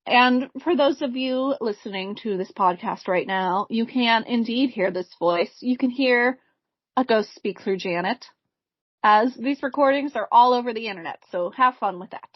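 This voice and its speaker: A woman co-hosting a podcast, telling a haunting case in a measured casual way among friends. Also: a little high, no room sound. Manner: reads the story in a measured way, breaks into laughter. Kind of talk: casual storytelling chat. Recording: dull, slightly lo-fi podcast mic.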